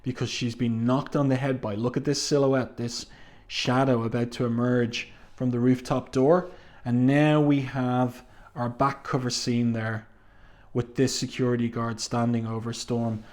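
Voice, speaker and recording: A man's voice: mid-range voice, little pitch movement, unhurried, darkish tone. A man casually reviewing a comic book and reading passages aloud, with frequent "um" fillers. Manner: chatty, with "um" fillers.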